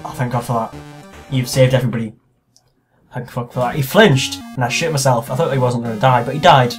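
A man narrates his playthrough in a loose, joking let's-play manner, swearing freely and mocking the game. His voice sits at an ordinary middle pitch. A faint tune plays under his talk. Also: a little fast, faint music behind. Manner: crude, profane joking. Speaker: gaming video host.

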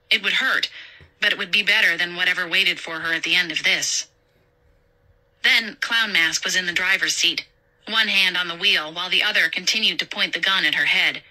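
A woman tells a horror story in a steady, measured voice. Her tone is sharp and bright, set a little low for a woman. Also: rough recording. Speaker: narrator. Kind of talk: scripted horror story narration.

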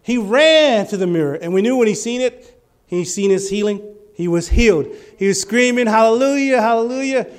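High-voiced fervent preacher man. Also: animated, moderate pace. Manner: fervent, rises to loud exclamations. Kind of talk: sermon.

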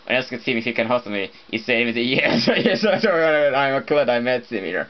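A man's voice: mid-range voice, expressive, brisk, few pauses. Playful man humming, lo-fi home video. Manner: loose and playful, breaks into humming and scat sounds. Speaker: vlogger. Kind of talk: rambling casual vlog chat. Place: shared apartment indoors. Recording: dull lo-fi home video audio.

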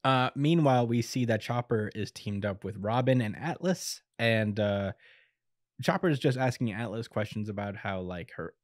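A man's voice: fairly low pitch, lively intonation, no echo, clean studio sound. A young man co-hosting a podcast, recapping a comic chapter in a casual, laid-back way and chuckling often. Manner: laid-back, chuckles often, acts out quotes in quick bits. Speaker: podcast co-host recapping manga. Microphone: podcast microphone.

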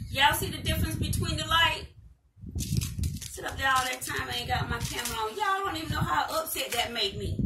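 Chatty woman in an echoey room. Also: on the high side. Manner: chatty, repeats herself, talks to viewers as y'all. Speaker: vlogger. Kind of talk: casual haul video chat. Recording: echoey room, mic at a distance, loud noise.

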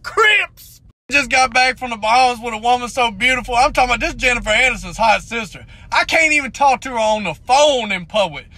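A middle-aged man, telling a crude comic story in a loud, drawling rant from inside a vehicle. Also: extremely high pitch, fast talker, hardly any pauses. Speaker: comedian. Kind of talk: comedic rant to camera.

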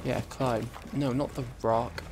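A man's voice: mid-range voice, little pitch movement, takes it slowly, darkish tone, slight background noise. A young man hosting a let's-play, chatting casually and swearing freely as he plays. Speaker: gaming channel host.

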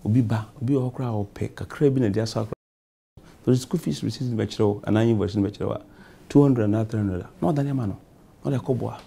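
A man's voice: lowish voice, quick pace, creaky, mellow, husky. A Ghanaian man, a member of parliament, answering in a talk show interview with rambling, repetitive answers. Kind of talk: talk show interview, mixing English and Twi.

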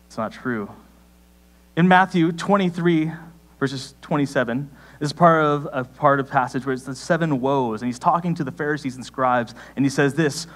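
A young adult man preaching a sermon, telling a personal story in a conversational way, with sudden rises in pitch. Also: normal speed. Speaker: pastor.

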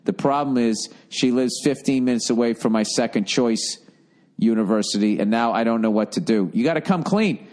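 Loud profane middle-aged man riffing. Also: medium pitch, normal speed. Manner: loud, profane, animated riffing with mocking put-on voices. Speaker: podcast host giving advice. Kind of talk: comedic advice podcast, reading listener letters.

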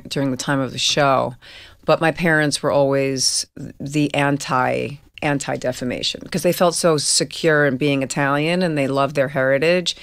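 Deep-voiced New York woman, candid. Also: no echo, studio quality. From New York, Queens. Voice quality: deep, slightly gravelly. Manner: candid, laughing storyteller. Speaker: guest actress. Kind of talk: casual interview chat.

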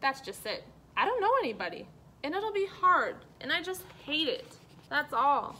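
A woman's voice: sits high, very animated, normal speed, sharp tone, a little hiss or hum, voice pushed up, exaggerated voice. A woman reading aloud, voicing a reluctant, anxious woman in a whiny, pleading voice.

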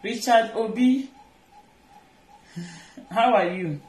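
A woman's voice: a little high, takes it slowly, darkish tone. A woman with a Nigerian Pidgin accent chatting casually on a livestream while she washes dishes, playful and full of laughs and mock cries. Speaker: vlogger. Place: kitchen. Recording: echoey kitchen with clattering dishes. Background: clinking dishes, pots and pans.

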